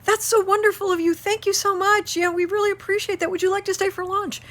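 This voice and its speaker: A woman's voice: extremely high pitch, steady tone, quick pace, a bit bright, voice pushed up. A woman voicing gushing, friendly neighbors at a party, speaking in an effusive, overly polite way.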